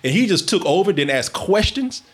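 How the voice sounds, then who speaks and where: A man's voice: high voice, sing-song, brisk, breathy edge. A man telling a story in casual chat, swearing often, laughing a lot and restarting his sentences.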